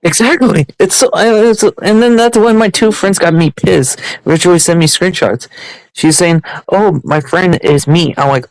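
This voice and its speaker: A man's voice: high voice, moderate pace, no echo, poor audio. A man streamer ranting heatedly on his livestream, repeating himself and restarting sentences.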